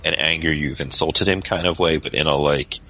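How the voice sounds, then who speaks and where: A man runs a tabletop game, describing the scene in loose, casual speech. His voice is extremely deep with a bright, forceful tone. The audio is dull and lo-fi. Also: steady tone, a little fast. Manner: casual, filler-heavy description. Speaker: game master.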